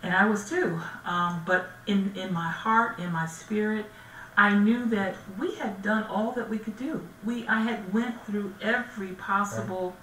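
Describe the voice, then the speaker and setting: A woman co-host sharing a personal testimony, soft-spoken, steady and reflective. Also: mid-range voice, a little slow. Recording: echoey room, distant mic, faint noise.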